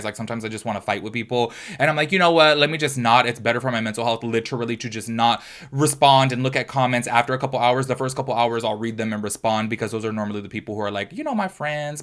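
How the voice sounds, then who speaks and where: Fast-talking chatty young man. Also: mid-range voice. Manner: chatty, expressive, addresses viewers as y'all. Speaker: beauty YouTuber. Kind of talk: casual rambling vlog.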